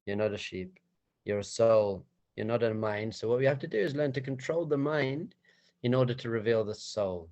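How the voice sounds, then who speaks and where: Gravelly-voiced man telling a playful story. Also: medium pitch, moderate pace, darkish tone, highs cut off. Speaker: rabbi. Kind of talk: storytelling talk to a group.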